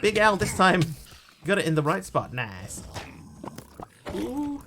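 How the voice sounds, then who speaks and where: Man, game streamer, fairly high voice, scattered chatter, yelps, noisy background. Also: moderate pace. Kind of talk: live game stream chat.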